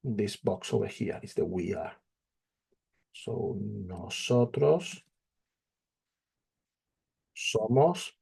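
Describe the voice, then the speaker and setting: A man teaching a Spanish lesson, slow and patient, repeating each phrase. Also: on the low side, animated, gravelly, dark tone, breathy edge. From not from England. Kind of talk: slow spoken language lesson.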